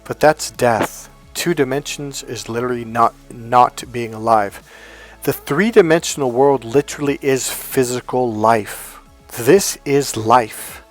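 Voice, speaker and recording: Middle aged guy coaching, emphatic storyteller, acts out the dialogue, mid pitch. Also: a little slow, soft background music. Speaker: self-help coach. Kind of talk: spontaneous motivational monologue.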